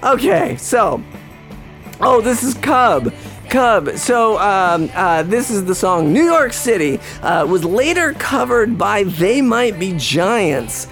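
Laid-back film commentator, slow rambling delivery, soft music bed. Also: medium pitch, big pitch swings. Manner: rambling, lots of fillers and restarts, wry. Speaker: podcast host reviewing a film.

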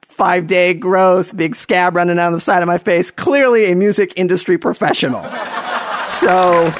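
A man telling a personal story to an audience in a self-mocking, halting way, with many restarts. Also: high voice, a bit bright, no echo, studio quality.

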